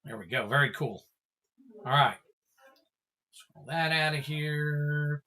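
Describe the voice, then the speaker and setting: Upbeat guy opening card packs on a livestream, bright voice, chatty. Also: a little high, slow pace, long pauses. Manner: upbeat, chatty, thanks viewers by name. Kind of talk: casual livestream chat.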